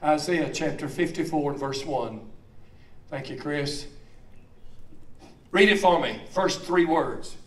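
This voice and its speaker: A man preaching a sermon in a church, moving from low steady talk to loud joyful shouts. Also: slow, pauses often, reverberant, recorded from a distance. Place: church hall.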